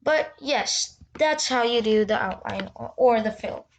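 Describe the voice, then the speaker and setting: Chatty higher-pitched woman walking through a tutorial. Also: unhurried, gravelly, muffled recording, a little hiss or hum. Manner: chatty, loose, with restarts and "yeah". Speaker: tutorial host. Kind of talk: casual screen-recorded tutorial.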